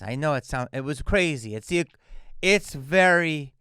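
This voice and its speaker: A man in his fifties from the Philadelphia area, a guest actor telling lively stories on a podcast and acting out the people he quotes. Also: mid-range voice, unhurried, clear, resonant tone, no room sound, clean studio sound. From Philadelphia area, USA. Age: 50s. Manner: animated, acts out quoted dialogue. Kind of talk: casual podcast storytelling.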